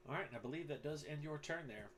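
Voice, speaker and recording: A man's voice: on the high side, quick pace, a bit bright, a little hiss or hum. A man narrating as game master in a casual way, with fillers and the odd swear word.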